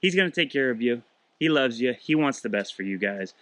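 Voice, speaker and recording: A man, a father, giving a relaxed, conversational devotional talk with frequent restarts and fillers. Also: medium pitch, a little fast, no echo. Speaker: devotional host.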